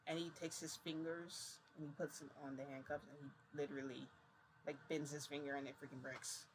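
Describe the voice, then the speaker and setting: A woman's voice: low voice, level tone, a little fast, background noise. A woman casually retelling a story, chatty and full of "I'm like". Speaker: vlogger.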